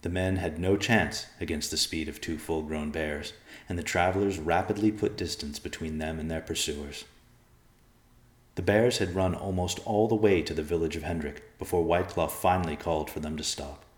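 Deep-voiced man narrating a fantasy story. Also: normal speed, echoey room. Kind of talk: audiobook narration.

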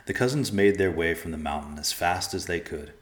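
A man narrates a storybook in a calm, even way. His voice is very low, and the echoey room around him is easy to hear. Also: fairly quick.

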